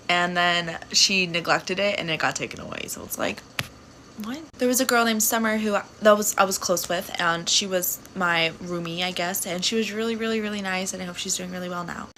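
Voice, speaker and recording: A woman's voice: lowish voice, fairly quick, pushed and bright, poor audio. A young woman in her twenties telling her story to camera in a loose, casual way. She is blunt and sassy and swears freely. A faint background hiss sits under her voice. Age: 20s.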